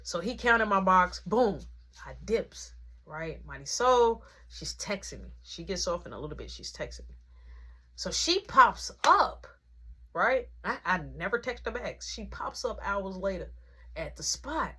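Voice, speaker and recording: A woman's voice: mid-range voice, very animated, unhurried, sharp tone, breathy edge. A woman telling a rambling work story in a casual, slangy way, acting out the back-and-forth of the people in it. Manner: slangy, rambling, acts out quoted dialogue.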